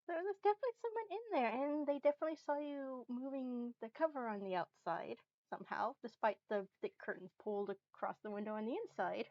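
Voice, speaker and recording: A woman's voice: on the high side, animated, fast talker, hardly any pauses, dry recording, lo-fi sound. A woman running a tabletop game as game master, hesitant with many fillers and restarts.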